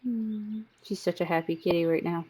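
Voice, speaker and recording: A woman's voice: on the low side, fairly even intonation, moderate pace, mellow, husky. A woman live streamer playing a game and chatting in doting baby talk to her cat. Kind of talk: casual chat while gaming.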